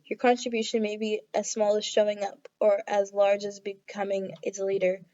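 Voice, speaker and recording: Woman tarot reader, casual and talky, mid-pitched voice, dull home recording. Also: monotone, moderate pace, mellow. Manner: chatty, reads card texts aloud, many fillers like "like". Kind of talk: casual tarot reading to camera. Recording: dull lo-fi audio.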